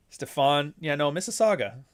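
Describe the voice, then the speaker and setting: A man hosting a casual livestream chat from home, rambling bluntly and swearing often. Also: fairly high pitch. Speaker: host, author. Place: home near Toronto.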